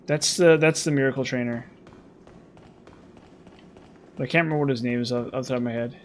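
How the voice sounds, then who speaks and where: A man's voice: medium pitch, steady tone, rapid-fire, slight background noise. A man giving casual, rambling and sarcastic commentary while playing a video game. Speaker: gameplay commentator.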